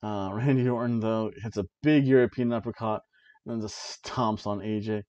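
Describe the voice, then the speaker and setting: A man's voice: on the low side, steady tone, moderate pace, a little mellow, highs cut off. A man hosting a casual wrestling review show, rambling along and laughing at his own jokes as he sits at home. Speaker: podcast host reviewing wrestling. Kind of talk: casual chat. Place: home, seated in an old chair.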